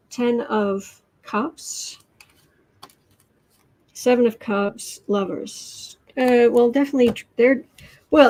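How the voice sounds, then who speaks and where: A woman hosting a casual tarot livestream, chatting in quick asides and reading out viewer comments. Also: fairly high pitch, darkish tone. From Midwestern United States.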